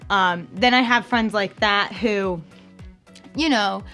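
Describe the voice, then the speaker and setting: Speaking slowly, a young woman hosting a campus ministry podcast keeps things chatty and bubbly, full of ums and likes at a normal pitch. Her voice jumps high for quoted lines, and faint soft music runs behind her.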